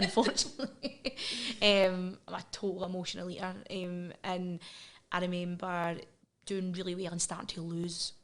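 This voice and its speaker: A woman's voice: on the low side, a bit bright. A Scottish woman in her thirties, guest on a podcast, recounting personal experiences frankly and with feeling, often restarting her sentences. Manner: frank and emotional, with frequent restarts. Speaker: interview guest. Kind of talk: candid personal interview.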